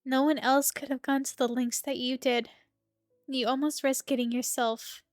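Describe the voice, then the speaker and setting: A woman's voice: sits high, little pitch movement, normal speed, dry recording, clean studio sound, soft background music, natural voice. A woman reading a wistful, evasive young man. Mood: reassuring. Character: gentle, evasive young man, a love interest.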